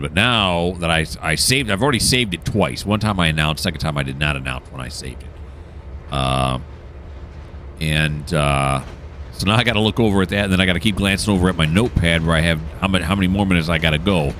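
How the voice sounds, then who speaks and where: A man's voice: deep voice, lively intonation, moderate pace, fairly bright tone, a little hiss or hum. A man casually commenting while playing a train simulator game, joking and mocking himself as he rambles. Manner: jokey, self-mocking, rambling. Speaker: gameplay commentator.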